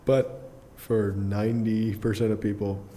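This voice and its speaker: A young adult man, a podcast guest, telling a personal story in a casual, rambling way full of fillers and quick chuckles. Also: on the low side, level tone, mellow, a little hiss or hum. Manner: rambling, filler-heavy, restarts often, chuckles through his story.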